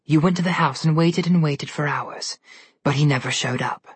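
A woman voicing a cold, mocking evil queen who speaks from a mirror, low and whispery. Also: moderate pace, husky, dry recording. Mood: taunting.

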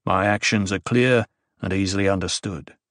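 Man playing calm cryptic male advisor, measured, reasoning, slightly low, dry close audiobook sound. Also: dry recording. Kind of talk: audiobook character voice.

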